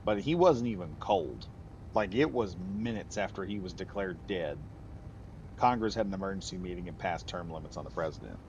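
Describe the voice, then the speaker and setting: Male game streamer, deep and gravelly, loose chatty commentary, slightly muffled home mic. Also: expressive, fairly quick, a little mellow, slight background noise. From United States. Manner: rambling, chatty, laughs easily. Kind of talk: casual gameplay commentary.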